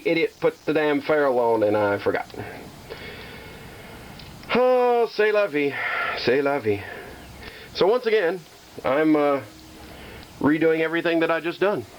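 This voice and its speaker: A man vlogging while restoring a slot machine, chatty and self-deprecating, talking to viewers and repeating calming phrases to keep himself from getting mad. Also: a little high, slight background noise, rough recording. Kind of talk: casual workshop vlog.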